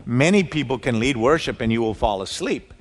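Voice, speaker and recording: A man's voice: medium pitch, fairly quick, a little hiss or hum. Man preaching in an echoey hall. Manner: animated storytelling, quoting people in dialogue. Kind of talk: sermon. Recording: reverberant hall.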